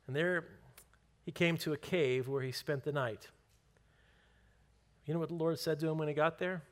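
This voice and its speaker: A man's voice: on the high side, fairly even intonation. A man preaching a sermon in a conversational, joking way. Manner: conversational, joking, drawn-out stresses. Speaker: pastor.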